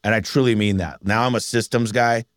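Low-voiced man telling lively stories. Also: a little fast, no room sound, clean studio sound. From Michigan. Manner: energetic, animated storyteller who acts out quotes. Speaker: business owner guest. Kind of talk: casual storytelling interview.

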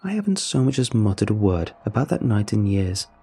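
A young man narrating a first-person horror story in a somber, measured, confessional way. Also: lowish voice, big pitch swings, vocal fry, dark tone, slightly rough. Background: faint music.

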